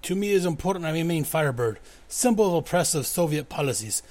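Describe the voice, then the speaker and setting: A man's voice: fairly high pitch, lively intonation, fast talker, a little mellow, voice pushed up, natural voice. A man voicing a defiant young Russian woman agent in a put-on Russian accent, using stiff, broken, formal phrasing. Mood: bitter, defiant.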